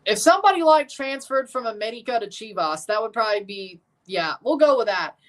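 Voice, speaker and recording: A man's voice: sits high, animated, fairly quick, fairly bright tone. Chatty man reacting to a football match. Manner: chatty, opinionated, talks to viewers. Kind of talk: casual livestream commentary.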